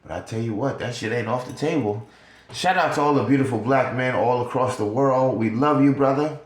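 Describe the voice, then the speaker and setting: An older man talking in a casual podcast monologue, profane and animated, laughing often between points. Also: medium pitch, fairly quick. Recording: roomy echo.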